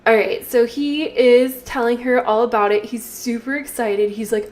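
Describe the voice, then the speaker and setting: A woman's voice: fairly high pitch, fairly even intonation, normal speed, hardly any pauses, darkish tone. A woman giving casual commentary over a life-sim game, chatty and storytelling, with trailing fillers. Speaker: let's play host.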